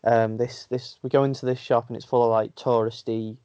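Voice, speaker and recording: Northern English man, guest wrestler in a chatty interview, warm mellow voice, dry dull lo-fi sound. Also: medium pitch, flat delivery, a little fast, smooth, dry recording. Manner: chatty storyteller, laughs often. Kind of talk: casual interview chat.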